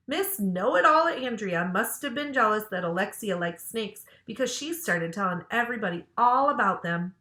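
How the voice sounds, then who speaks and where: A woman librarian reading a children's book aloud in a lively, expressive way. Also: mid-range voice, moderate pace, few pauses. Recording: roomy echo.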